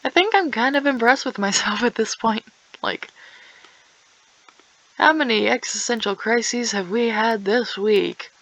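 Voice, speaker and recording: A teenage girl talks over her gameplay in a slow, drawn-out ramble. Her voice carries a gravelly fry, and she often slips into whispers or sings a few lines. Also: medium pitch, a bit bright, lo-fi sound. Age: teens. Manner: rambling, self-aware, drifts into whispers and song. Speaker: gaming streamer. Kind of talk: casual gameplay chat.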